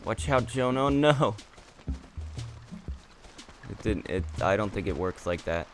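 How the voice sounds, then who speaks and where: A man's voice: lowish voice, expressive, takes it slowly, soft background music. A young man giving casual commentary on his gameplay in a chatty, jokingly exasperated way. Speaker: gaming video creator.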